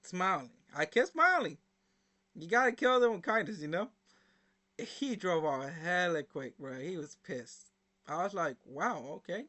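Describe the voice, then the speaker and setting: A young man with a high, bright voice chats casually to his viewers. He rambles through his stories with plenty of fillers and slang, in a loose, informal way. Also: expressive, unhurried. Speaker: reaction video host. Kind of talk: casual storytelling to camera.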